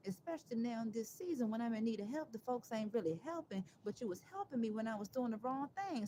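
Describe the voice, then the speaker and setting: A woman talking on a casual live stream, emphatic and sarcastic, rambling and restarting her phrases, with loud outbursts and quiet asides. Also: a little high, lively intonation, quick pace, hardly any pauses, slight background noise, low-quality recording. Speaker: livestreamer.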